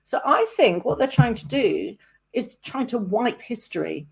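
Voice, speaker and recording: A woman's voice: fairly high pitch, lively intonation, unhurried, vocal fry, husky. A woman in her fifties hosting a casual interview podcast, rambling with many restarts. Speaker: podcast host.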